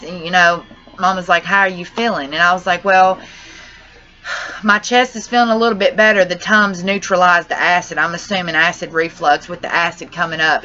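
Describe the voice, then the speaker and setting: A young woman talks straight to her vlog viewers, rambling and distressed, swearing as she goes. Her voice sits a little low but has a bright, tense edge. The audio is dull and lo-fi. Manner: distressed, rambling, says y'all and cusses. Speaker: vlogger. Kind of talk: emotional personal vlog.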